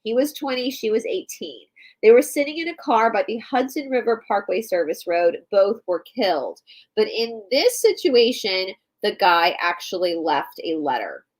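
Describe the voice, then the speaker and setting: A woman's voice: medium pitch, very animated, normal speed, low-quality recording. Chatty woman explaining things. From Atlanta, Georgia. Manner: chatty and explanatory, addresses listeners directly. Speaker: co-host of a live online show. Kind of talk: casual chat, explaining and reading aloud.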